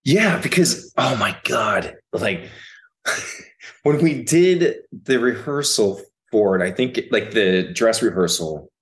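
A man appearing as a podcast guest, chatting casually in a relaxed, rambling way full of restarts. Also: fairly low pitch, slow pace. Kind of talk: casual chat.

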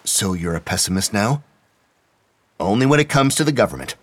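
Male narrator for an audio drama, low and a touch husky, steady delivery. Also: fairly quick, no room sound. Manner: steady storytelling, voices characters lightly.

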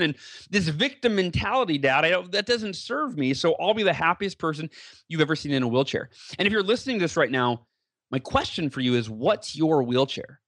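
A man's voice: high-pitched, animated, brisk, a bit bright, no room sound. A man in his thirties, a podcast guest, telling a personal story animatedly, acting out dialogue with many fillers and restarts.

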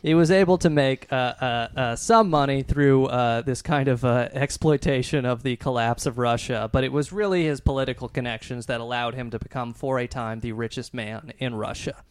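A man co-hosting a casual podcast chat, pausing often with ums and uhs and laughing as he goes. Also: mid-range voice, smooth, dry recording. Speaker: podcast co-host.

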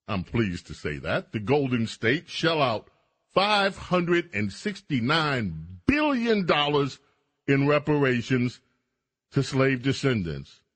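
A man's voice: a little high, fairly bright tone, slightly rough. Sarcastic male radio talk host. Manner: sarcastic, mocking asides.

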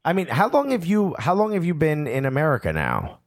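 A man's voice: on the high side, huge pitch swings, a little fast, no echo. A man hosting a podcast, playful and teasing in casual chat. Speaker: podcast host.

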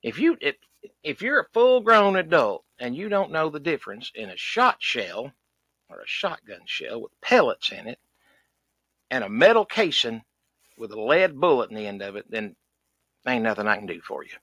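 A man's voice: mid-range voice, big pitch swings, normal speed, fairly bright tone, no echo. A man playing a cranky, folksy middle-aged duck hunter, ranting in a comedy podcast. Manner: folksy, exasperated ranting with sighs and country grammar. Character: loud rural Southern male duck hunter, cranky, folksy. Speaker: recurring comedy character.

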